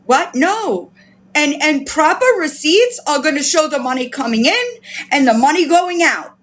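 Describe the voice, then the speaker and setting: A woman's voice: high voice, animated, moderate pace. A woman livestreaming who rants with outrage, swears often and repeats herself, greeting viewers by name. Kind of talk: casual livestream rant.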